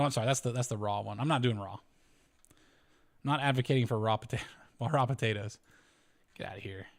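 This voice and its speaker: A man of ordinary pitch works through his calculations out loud in a loose, unscripted way. He corrects himself often and chuckles at his own slips. His voice keeps swinging up and down as he talks. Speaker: homesteading channel host. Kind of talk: casual spreadsheet walkthrough.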